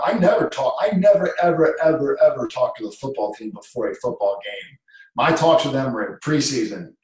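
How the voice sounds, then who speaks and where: A man who was a dean of students, telling stories in a casual chat, animated and swinging from hushed tones to loud bursts. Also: medium pitch. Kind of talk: casual storytelling in conversation. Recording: echoey room, distant mic.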